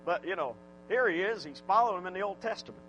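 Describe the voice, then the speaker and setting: A man, possibly, preaching a sermon. His voice is high and bright and swings widely in pitch, from loud repeated phrases to hushed asides. A faint mains hum sits under the recording. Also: animated, fast talker, low-quality recording. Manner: emphatic repetition, swinging from shouts to low asides.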